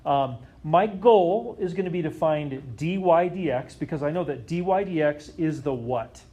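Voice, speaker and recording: A man's voice: fairly high pitch, unhurried, warm tone. A man teaching a calculus lesson to a class, often stopping to question the students and check that they follow. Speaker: math teacher.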